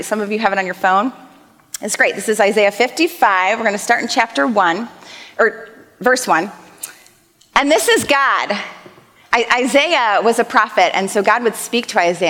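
A woman's voice: medium pitch, a bit bright, in a large hall. A young adult woman preaching a sermon in a church, earnest and conversational, reading scripture aloud. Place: church auditorium.

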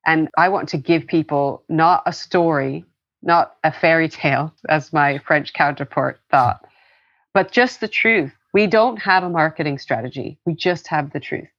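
A woman's voice: low-pitched, a little slow, a bit bright, no echo, muffled recording. A woman, co-founder of a company, talking earnestly and with feeling in an interview, often repeating words as she starts a thought. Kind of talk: interview conversation.

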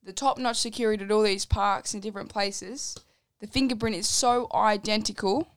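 A woman's voice: mid-range voice, moderate pace, no echo. A young woman co-hosting a podcast with her twin, chatting casually and acting out scenes as she tells stories. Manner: animated storytelling, acting out scenes. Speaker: podcast co-host. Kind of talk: casual chat.

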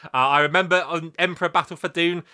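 Podcast cohost guy, easygoing and laughy, a bit high, bright tone. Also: a little fast. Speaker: podcast co-host. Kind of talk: casual podcast chat.

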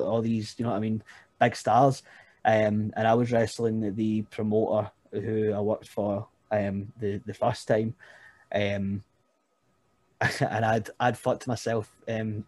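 A man's voice: fairly low pitch, a little mellow, dry recording. Brief: young Scottish guy, chatty guest storyteller, laughs a lot, dry close sound. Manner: rambling, laughing, keeps saying "you know what I mean". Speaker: guest, pro wrestler. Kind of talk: casual podcast chat.

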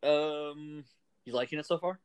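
A man's voice: on the high side, clear, resonant tone. A man hosting a casual radio show, joking and laughing easily with his guest. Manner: jokey, laughs easily, quick asides.

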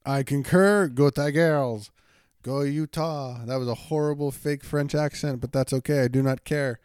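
Upbeat, hyped-up young podcast host. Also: male voice, medium pitch, normal speed, a little mellow, smooth, no room sound, clean studio sound. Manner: jokey, hype-driven, repeats himself. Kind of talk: casual sports podcast chat.

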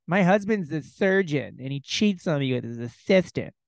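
A man's voice: on the high side, animated, moderate pace, gravelly, dry recording, studio quality. A man voicing a nosy, chatty woman at a bar who asks prying questions in a sing-song way.

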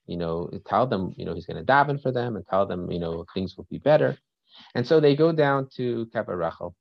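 A man's voice: sits low, gravelly, no echo, highs cut off. A man teaching a Torah lesson through a story, often stopping to check in with "right?" and "okay?" and restarting phrases as he thinks aloud.

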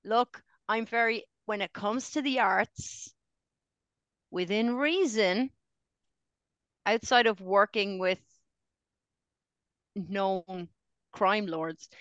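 A woman, co-hosting a casual pub podcast chat, animated and jokey, with sudden high exclamations. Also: drawn-out words, pauses often, smooth, no echo. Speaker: podcast co-host.

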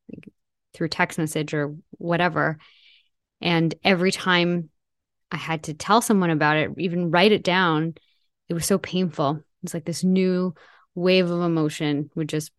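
A woman telling a personal story as an interview guest, reflective and halting, often restarting her sentences. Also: fairly low pitch, no echo, studio quality.

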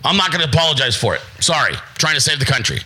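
A man's voice: fairly high pitch, sing-song, very fast, bright, forceful tone, breathy edge, rough recording. A man hosting a show, delivering a blunt, crude, confrontational rant. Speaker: host. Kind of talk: profane ranting monologue.

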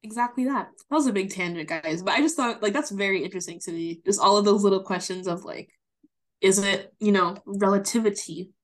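A woman's voice: medium pitch, fairly quick. A woman in her twenties co-hosting a podcast, making emphatic, opinionated points in casual chat. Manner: emphatic, opinionated, gets hyped. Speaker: podcast co-host.

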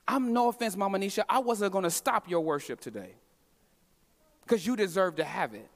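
A pastor preaches in a strikingly high voice. He shifts from quiet, intimate stretches to rousing, emphatic calls. The sound rings with the long reverb of a large church hall. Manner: impassioned preaching, swinging from hushed to emphatic calls. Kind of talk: sermon. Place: church sanctuary.

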